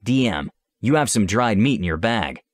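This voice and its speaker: In a lowish voice, a male game master reads a scripted fantasy story with animated, lively intonation. He stays measured and descriptive, and the recording is close and dry with no room sound.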